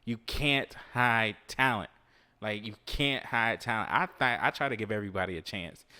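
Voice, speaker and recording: The host of this podcast is a man with a lowish, smooth voice, a sharp tone, and a moderate pace. Casual and laid-back, he gives motivational advice, swears, laughs, and chats to listeners during a video game session.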